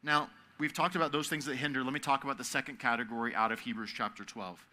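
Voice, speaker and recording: A man giving a sermon at a youth camp. He talks in a conversational way and swings from loud, emphatic stretches to soft, hushed ones. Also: medium pitch, fairly even intonation, quick pace. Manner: conversational, asks the audience to repeat words.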